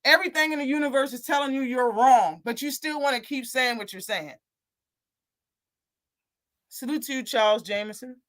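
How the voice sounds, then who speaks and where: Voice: sits high, moderate pace, long pauses, fairly bright tone. A live boxing talk show host ranting in a heated, profane, casual way.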